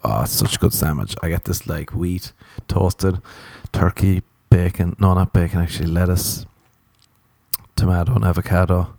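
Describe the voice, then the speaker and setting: A man's voice: deep voice, moderate pace, vocal fry, mellow, no room sound. A young Irish man in his twenties, rambling through a comedic solo chat, profane and self-mocking, close to the mic. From Ireland. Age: 20s.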